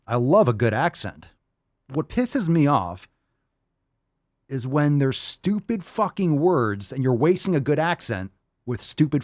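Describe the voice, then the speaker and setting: A man's voice: mid-range voice, dry recording, clean studio sound. A man hosting a livestream podcast, ranting casually in a profane, emphatic and repetitive way. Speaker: podcast host.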